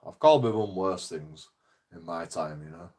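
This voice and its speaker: A man's voice: low voice, animated, normal speed, a little mellow. A man, ranting casually in a rambling, foul-mouthed way. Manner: rambling, heavy swearing. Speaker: vlogger. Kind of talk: casual rant.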